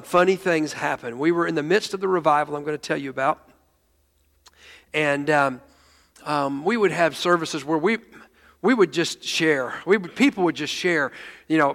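A pastor telling a funny story in an animated sermon, stumbling and laughing as he goes. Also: fairly high pitch. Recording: long hall reverb.

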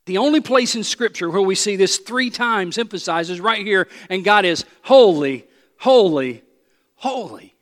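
A man preaching from the pulpit with a high-pitched voice. He is emphatic, rising to ringing proclamations and dropping low and close for the personal asides. A long reverb hangs around his words, as in a large church. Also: normal speed, hardly any pauses. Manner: emphatic, swings from loud proclamation to soft intimate asides. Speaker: pastor. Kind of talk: sermon.

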